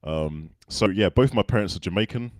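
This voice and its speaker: A man's voice: low voice, moderate pace, no room sound. A man from the UK with a well-spoken Southern English accent, telling stories as a guest in a casual interview. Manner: relaxed anecdotal storytelling.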